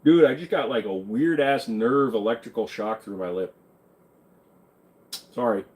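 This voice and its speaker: A man's voice: mid-range voice, a little slow, darkish tone. A man hosting a live question-and-answer stream, talking in a loose, rambling way and swearing freely. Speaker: livestream host answering chat questions. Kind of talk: casual livestream Q&A.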